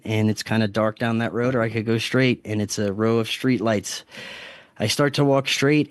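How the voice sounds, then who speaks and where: In this echo-free clip, a man's medium-pitched voice tells a story during a relaxed interview. As a podcast guest, he earnestly describes something strange that happened to him, often starting over and quoting his own thoughts.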